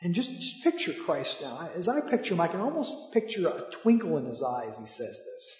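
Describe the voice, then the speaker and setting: A man's voice: fairly high pitch, very animated, a little fast, a little mellow. A man preaching a sermon in a conversational way, asking the listeners rhetorical questions. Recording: echoey hall, dull lo-fi sound.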